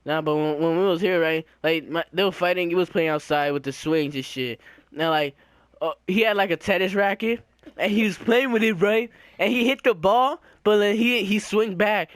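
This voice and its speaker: A young man telling a story in casual chat, slangy and profane, animated and laughing, acting out the people he quotes. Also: high-pitched, normal speed, clean tone, dry recording, studio quality. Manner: slangy, profane, repeats filler "right?".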